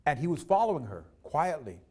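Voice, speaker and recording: Unhurried male storyteller. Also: a little high, sing-song, mellow, husky. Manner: unhurried, repeats words for emphasis. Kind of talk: oral storytelling to a live audience.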